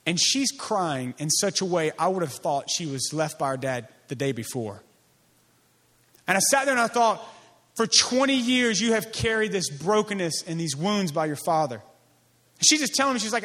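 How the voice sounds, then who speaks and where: A man with a fairly high voice delivers a sermon as a pastor. He stacks phrases in an emphatic, repeating cadence. On key lines he sinks to a soft, slow voice. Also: animated. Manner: emphatic, repetitive preaching cadence.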